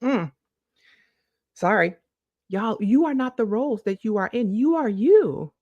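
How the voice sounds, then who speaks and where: A woman's voice: fairly high pitch, animated, measured pace, darkish tone, no echo, muffled recording. A woman chatting to camera in a casual, preachy way, affectionately calling viewers "boo-boo" and drawing out words for emphasis. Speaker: lifestyle vlogger. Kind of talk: casual motivational chat to camera.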